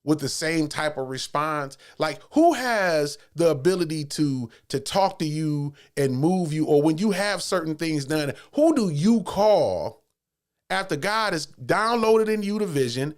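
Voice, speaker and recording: A man talks straight to his followers in a motivational monologue. He circles back to the same points and trips over restarts. His pitch swings widely from low to high as he presses each idea. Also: animated, unhurried. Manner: preachy, repetitive, building emphasis with stammered restarts. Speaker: channel host.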